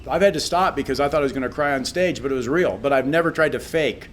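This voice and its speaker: A man's voice: mid-range voice, fast, a little hiss or hum. A man giving a candid, reflective critique of a speech in a casual panel talk, often restarting his sentences. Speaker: public speaking critic on a panel.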